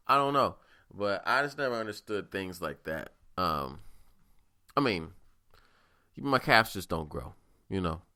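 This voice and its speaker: A man's voice: low voice, lively intonation, unhurried, pauses often, bright, forceful tone, no room sound, studio quality. A man hosting a podcast, telling stories in a rambling, profane, casual monologue. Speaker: podcast host.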